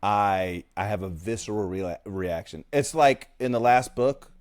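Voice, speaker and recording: A man co-hosting a podcast, talking animatedly in quick bursts and retelling scenes. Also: lowish voice, expressive, darkish tone, no room sound, clean studio sound. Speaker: podcast co-host. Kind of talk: casual podcast chat.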